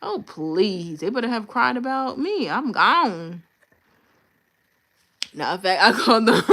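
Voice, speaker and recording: Very animated yet taking her time, this livestream host speaks in a mid-range, fairly bright voice. She chats with confident ease, addressing viewers directly in blunt slang and driving points home through repetition.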